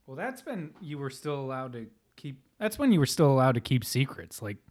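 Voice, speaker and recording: A man's voice: mid-range voice, big pitch swings, fairly quick, darkish tone. A man co-hosting a casual podcast chat, crude and jokey, with many "like" fillers. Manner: crude, joking, lots of "like" fillers. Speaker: podcast co-host.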